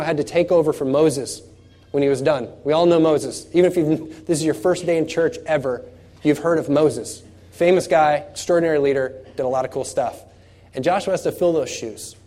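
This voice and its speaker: A man preaching a sermon in a conversational way, asking the congregation rhetorical questions and moving between loud emphatic scripture reading and soft, low asides. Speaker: pastor.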